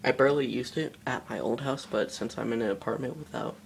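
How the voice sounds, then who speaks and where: A man casually showing off a household fan in his apartment, talking in a relaxed, rambling way. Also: mid-range voice, brisk, creaky, slight background noise. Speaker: video maker showing a fan. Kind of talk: casual product show-and-tell. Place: small apartment.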